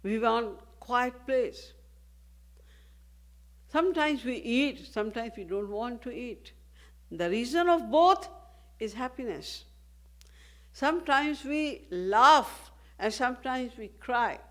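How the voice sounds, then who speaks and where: A woman spiritual teacher giving a devotional discourse, speaking in a measured way and posing rhetorical questions. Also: fairly high pitch, animated.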